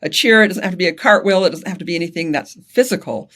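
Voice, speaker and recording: A middle-aged woman speaking as a guest coach in a casual interview, animated and enthusiastic. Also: on the low side, fast talker. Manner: animated, enthusiastic, laughs often.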